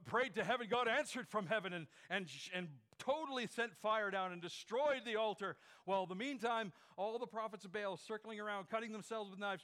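A man with a notably high voice preaches a sermon, drawing the congregation into call-and-response. He drops to hushed, almost whispered phrases, then builds back up into emphatic rhetorical questions. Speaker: pastor.

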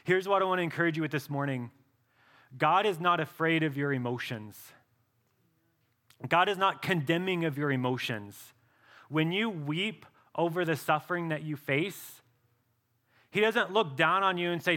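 A male pastor preaching a sermon earnestly, often dropping to a soft, slow voice for emphasis. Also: a little high.

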